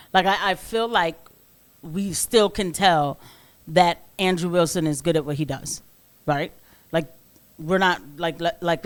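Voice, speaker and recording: A young woman hosting a reaction commentary, chatty and slangy, often laughing. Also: on the low side. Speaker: commentary host.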